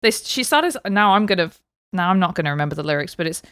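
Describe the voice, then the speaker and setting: A woman with an Oxfordshire English accent hosts a casual podcast and tells a lively story. Her voice is lower than most and smooth, and it is recorded close and dry. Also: quick pace, dry recording. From England. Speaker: podcast host. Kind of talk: casual chat.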